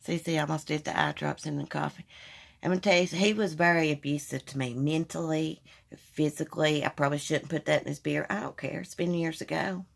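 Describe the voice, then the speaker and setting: Chatting live on a phone stream, this host tells candid personal stories and calls her audience y'all. She speaks fairly quickly in a low, steady, creaky voice.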